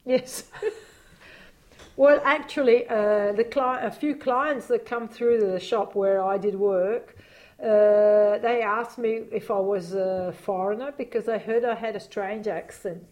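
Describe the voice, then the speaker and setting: A woman's voice: mid-range voice, fairly even intonation, unhurried, a little mellow. A woman being interviewed, talking in a reflective, hesitant way with many fillers and frequent laughs. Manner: laughs often while talking. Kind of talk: casual reminiscing interview.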